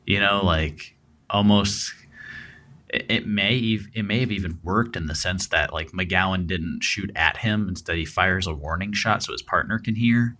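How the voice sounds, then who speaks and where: A man's voice: deep voice, normal speed, pushed and bright. A man co-hosting a true-crime podcast, talking casually and rambling with lots of fillers and restarts. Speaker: podcast co-host.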